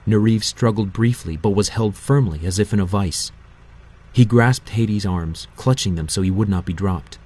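A man narrating a novel in a measured, steady audiobook reading. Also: lowish voice, rough recording.

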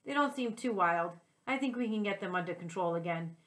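A woman's voice: mid-range voice, lively intonation, a little fast, a bit bright, lightly acted. A cooing, sweet-voiced pet groomer woman, read by a teacher. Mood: cheerful. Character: cheerful, sweet-talking female pet groomer.

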